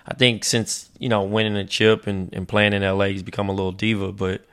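A man's voice: on the low side, level tone, fairly quick, fairly bright tone, smooth. A man co-hosting a sports show as the analyst, laid-back and blunt, with frequent "you know" fillers. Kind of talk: casual sports talk.

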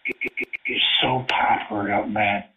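A man's voice: on the low side, fairly even intonation, slow pace, sharp tone, husky. A man making crude prank phone calls, rambling, stammering and talking lewdly. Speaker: prank caller. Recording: tinny phone line.

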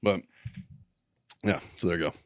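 A man's voice: deep voice, normal speed. A man co-hosting a podcast, telling a casual, profane war story and laughing at himself. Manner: laid-back, swears a lot, laughs at own story. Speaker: podcast co-host.

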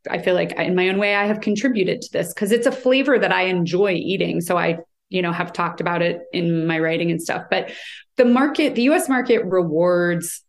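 An American woman who writes about cheese, explaining at length in a conversational interview, with many fillers and restarts. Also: fairly low pitch. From United States.

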